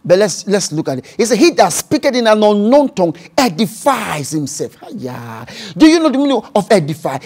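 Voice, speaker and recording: A man's voice: high voice, big pitch swings, brisk, hardly any pauses, a little mellow. A man with a Nigerian accent, a pastor preaching a sermon and acting out voices and speaking in tongues.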